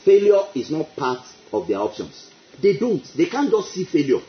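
Lively high-voiced male preacher. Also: normal speed. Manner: emphatic, repeats phrases, exclaims praise. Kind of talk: sermon. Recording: echoey, dull lo-fi.

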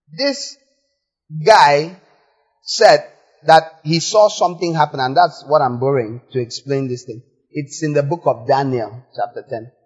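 A man preaching a sermon in a church, animated, moving from quiet asides to loud exclamations. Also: fairly high pitch, measured pace, pauses often, husky. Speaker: pastor. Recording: echoey hall, slightly dull sound.

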